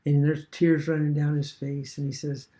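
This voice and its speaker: A man retelling a story casually as an online business vlogger, halting and rambling with many fillers and restarts. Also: on the high side, flat delivery, warm tone.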